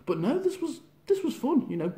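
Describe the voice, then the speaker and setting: A man's voice: very high voice, big pitch swings, a little fast, warm tone. A man giving a casual, rambling wrestling review, often acting out the wrestlers' lines.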